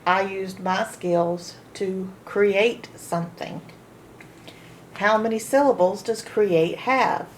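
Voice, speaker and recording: A woman teaching a phonics reading lesson, slowly sounding out and repeating each word for practice. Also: mid-range voice, a little hiss or hum. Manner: slow, deliberate, repeats words for practice.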